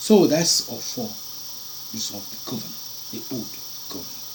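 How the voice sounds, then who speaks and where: A man's voice: mid-range voice, expressive, normal speed, noisy background. A man preaching an impassioned sermon, firing rhetorical questions and repeating and breaking off phrases.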